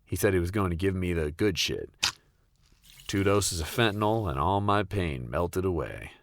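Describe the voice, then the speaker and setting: A young man narrating a comic personal story in a wry, deadpan way. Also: low-pitched, moderate pace, creaky, dry recording. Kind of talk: comedic first-person storytelling.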